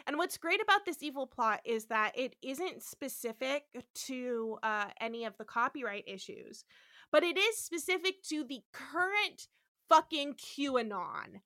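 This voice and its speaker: A woman co-hosting a podcast, recapping an episode in casual chat, animated and swearing freely as she acts out the characters' lines. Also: high-pitched, a little slow. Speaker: podcast co-host.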